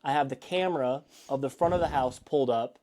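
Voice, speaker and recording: A man co-hosting a podcast, telling an excited, rambling story in casual chat from a home studio. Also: medium pitch, fairly quick. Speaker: podcast co-host.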